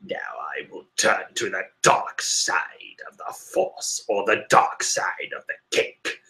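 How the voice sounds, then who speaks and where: Man voicing a sinister old pirate queen, low and whispery, villain manner, cartoon parody. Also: slow pace, gravelly, bright, forceful tone, full character voice. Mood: ominous. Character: giant old female pirate queen turned dark villain.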